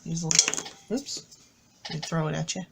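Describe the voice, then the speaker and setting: A woman's voice: deep voice, moderate pace, creaky, very noisy. A woman casually walking viewers through a handmade craft journal, chatty and enthusiastic, rambling with fillers and self-corrections. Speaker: craft YouTuber. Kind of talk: casual show-and-tell craft walkthrough.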